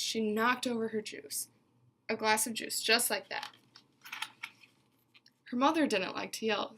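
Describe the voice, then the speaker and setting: A woman teacher reading a picture book aloud to young children, telling it expressively and pausing to ask them questions. Her voice is a touch high, with a gravelly fry at the ends of phrases. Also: noisy background.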